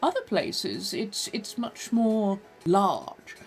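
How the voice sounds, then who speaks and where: A woman's voice: mid-range voice, lively intonation, very slow, soft background music. Genteel woman with a theatrical vampire persona. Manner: theatrical, genteel old-fashioned phrasing. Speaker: live-stream host reading tarot. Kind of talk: in-character live-stream chat as a vampire persona.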